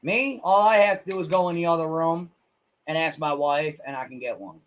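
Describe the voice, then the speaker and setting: A man streaming live, chatting casually with viewers in a blunt, crude and excitable way. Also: on the high side, a little fast. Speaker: livestreamer. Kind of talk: casual livestream chat.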